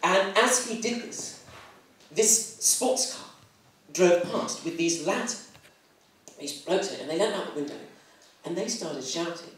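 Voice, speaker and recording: A young man performs a camp, archly self-deprecating stand-up set on a comedy club stage before a live audience. His high, animated, slightly bright voice moves a little slowly with long pauses. A distant, echoey hall mic picks him up, along with the crowd's laughter.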